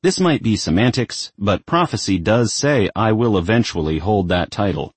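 A man's voice: fairly low pitch, animated, normal speed, breathy edge, no room sound. A man voicing a defiant, sarcastic young man who is the devil's son.

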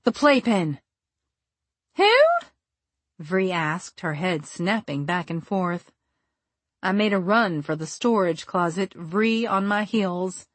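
Female narrator, first-person comic story, unhurried and wry, dry close booth sound. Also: fairly low pitch, no echo. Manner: measured, wry and deliberate. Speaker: audiobook narrator.

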